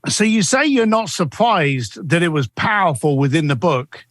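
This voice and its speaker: Man, middle-aged, interview guest, lively swooping pitch, acts out dialogue, high voice. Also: normal speed, few pauses, no echo, studio quality. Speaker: guest author and coach. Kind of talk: animated interview storytelling.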